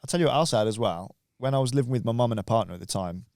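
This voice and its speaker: A young man tells his stories at a quick clip. He talks loosely and swears often. The sound is dry and close to the mic. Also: medium pitch, darkish tone, dry recording. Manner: laughing, swearing, storytelling with quoted voices. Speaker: podcast guest. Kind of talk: casual anecdote telling.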